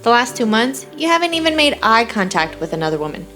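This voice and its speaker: A woman's voice: on the high side, very animated, quick pace, pitched above the performer's own voice. A whiny, joking young man poking fun at his friend, voiced by a woman reading an audiobook. Faint music runs underneath. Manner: whiny, laughing.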